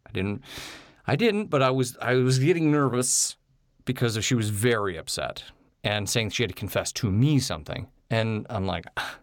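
A man's voice: mid-range voice, lively intonation, normal speed, no room sound, studio quality. A man telling a candid personal story in a rambling way, full of fillers.

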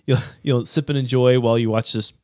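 A man's voice: mid-range voice, fairly even intonation, a little fast, a little mellow, no echo, studio quality. A man co-hosting a casual podcast chat, rambling with many restarts and fillers. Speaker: podcast co-host.

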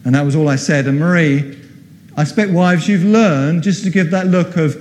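A man's voice: a little high, normal speed, darkish tone, in a large hall. A middle-aged man preaching a sermon, telling the story with animation and acting out the voices he quotes.

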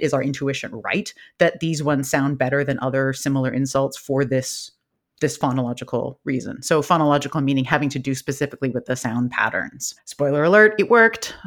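A linguist guest on a podcast interview, explaining research with enthusiasm, laughing often, with sudden jumps in pitch. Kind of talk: animated academic podcast interview.

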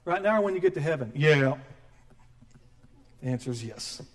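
A middle-aged man preaching a sermon as pastor, animated and joking, acting out quoted voices. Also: fairly high pitch, moderate pace.

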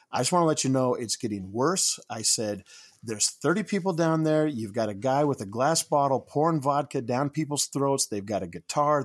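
A man co-hosting a podcast, telling a story in casual chat with animated, rising indignation. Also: medium pitch. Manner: animated, rising to loud indignation when quoting himself. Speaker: podcast co-host.

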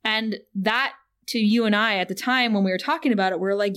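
A woman co-hosting a podcast, recapping a show in casual chat, animated and laughing often as she acts out quoted lines. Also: on the high side, moderate pace. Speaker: podcast co-host.

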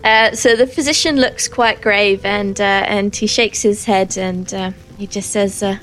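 A woman's voice: mid-range voice, fairly even intonation, measured pace, few pauses, fairly bright tone, faint music behind. Woman narrating a tabletop game. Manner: hesitant, with many ums. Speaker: game master.

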